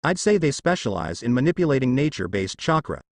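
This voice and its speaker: A brash young male ninja hero, as a man reading a fan story puts him on, blunt and hard-edged. His pitch sits a little above the reader's own voice. The voice is dry and close, with a lively swing to it. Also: fast talker, no room sound. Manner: blunt, tough-talking. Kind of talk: fan story read aloud.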